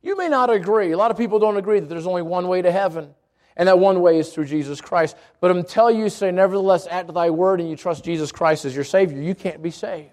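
A young man preaching a sermon, telling stories with lively acted-out asides to his congregation. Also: high voice, fast. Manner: animated storytelling with acted-out asides.

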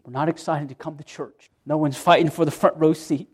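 A man's voice: fairly high pitch, steady tone, fairly quick, husky. A middle-aged man, a pastor, preaching an earnest sermon in church, repeating himself and restarting phrases as he pleads with his listeners.

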